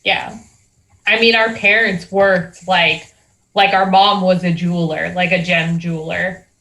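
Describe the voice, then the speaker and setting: A woman's voice: on the low side, fairly even intonation, a little slow, bright, forceful tone, low-quality recording. A woman playing a tabletop game, chatty and asking practical questions. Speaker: player.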